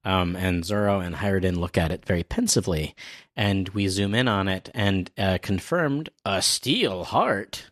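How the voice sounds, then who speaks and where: A man's voice: low voice, moderate pace, fairly bright tone, dry recording, studio quality. A man co-hosting a podcast, recapping a comic chapter in rambling casual chat full of fillers. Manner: rambling narration with many fillers and laughs. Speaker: podcast co-host.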